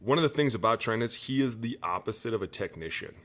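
A middle-aged man, a former pro lineman co-hosting a casual sports podcast, talking in an animated, profane way. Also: on the low side, fast talker. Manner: animated, profane, breaks into loud impressions.

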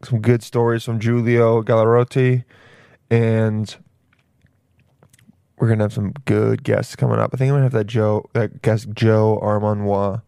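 A man's voice: lowish voice, level tone, a little slow, vocal fry, warm tone, clear, resonant tone, no echo, studio quality. A man hosting his own podcast, rambling casually in slang and calling the listener "dude". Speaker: podcast host. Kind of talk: casual solo podcast monologue.

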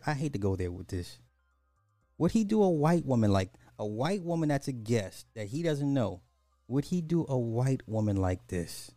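A man's voice: medium pitch, mellow, no room sound. A man hosting a commentary podcast, reacting to clips in an exasperated way and repeating phrases for emphasis.

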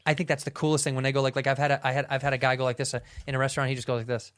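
Middle-aged dude cohosting a podcast, chatty, tells stories and does little quote voices. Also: male voice, medium pitch, little pitch movement, very fast, a bit bright, no room sound, clean studio sound. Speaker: podcast co-host. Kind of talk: casual chat.

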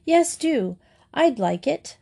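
A woman's voice: high-pitched, very animated, slow, creaky, dark tone, pitched above the performer's own voice, full character voice. A woman voicing an outspoken schoolgirl who talks breathlessly and eagerly. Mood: thrilled.

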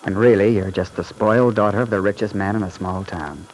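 A man's voice: lowish voice, fairly even intonation, fairly quick, a little mellow, natural voice. An actor playing a blunt, contemptuous young writer who lectures a woman in 1940s radio drama style. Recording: scratchy old radio broadcast.

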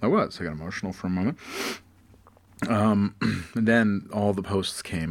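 A man's voice: fairly low pitch, lively intonation, moderate pace. Male co-host, profane, rambling, restarts often, casual chat.

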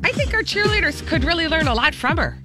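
A woman's voice: very high voice, very animated, quick pace, loud music behind the voice. A woman voicing a bubbly teenage girl reading her note aloud, in an exaggerated, sing-song put-on mix of Chicago and Fargo accents. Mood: chirpy. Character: teen girl pen pal, bubbly, thick Midwest accent.

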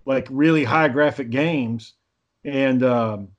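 A man chatting casually with friends, telling animated stories full of swearing. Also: mid-range voice, takes it slowly, highs cut off. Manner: profane, animated storyteller. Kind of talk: casual chat among friends.

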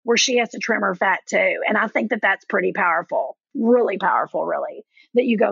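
Give me a husky-voiced woman with a Southern accent telling stories on a dull, lo-fi recording. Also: mid-range voice, a little fast, few pauses, dry recording. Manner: animated storyteller, many restarts. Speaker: guest comedian. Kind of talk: casual chat.

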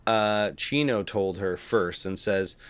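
A man's voice: on the low side, slow, fairly bright tone, clear, resonant tone, dry recording. A man co-hosting a podcast, casually recapping a movie and chiming in with trivia. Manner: chimes in with trivia, laid-back.

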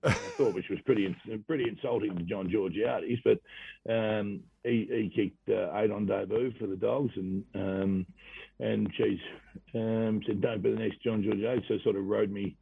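A low-voiced Australian man with a gravelly, husky edge tells his footy stories in a loose, laughing ramble full of fillers. The sound is tinny and phone-like, as if heard over the radio, with a dry, close feel. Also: steady tone, a little slow, no room sound. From Western Australia. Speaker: guest, former footballer. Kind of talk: casual storytelling interview.

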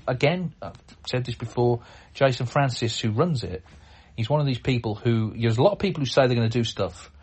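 A man with a somewhat husky voice hosts a podcast alone in a loose, chatty way. He rambles, restarts his sentences and fills gaps with ums and uhs. His pitch sits in the middle. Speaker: podcast host. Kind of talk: casual solo podcast talk.

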